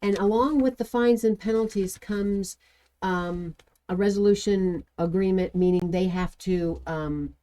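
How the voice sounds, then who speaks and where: Earnest woman guest with a mellow voice. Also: medium pitch, unhurried. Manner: earnest, digresses, warns listeners seriously. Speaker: guest, medical compliance worker. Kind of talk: casual chat.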